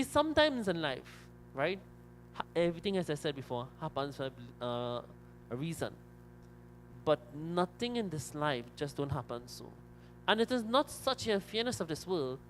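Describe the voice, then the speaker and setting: Man officiating at a funeral, storytelling preacher; slightly high-pitched. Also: very animated, moderate pace, slight background noise, rough recording. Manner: storytelling, repeated "my dear friends". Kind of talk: sermon.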